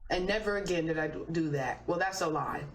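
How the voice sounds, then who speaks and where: A young woman on a livestream, telling a story in a chatty, animated way and swearing casually. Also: lowish voice, fairly quick. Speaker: singer on a livestream. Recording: echoey, distant playback with faint noise.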